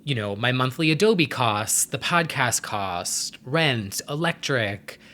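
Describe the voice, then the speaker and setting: A man with a bright, forceful tone chats casually to his viewers. He rambles in a loose stream of consciousness, full of "like"s and small laughs, with his voice sitting at an ordinary mid pitch. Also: expressive, slow. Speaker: vlogger. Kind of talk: casual chat.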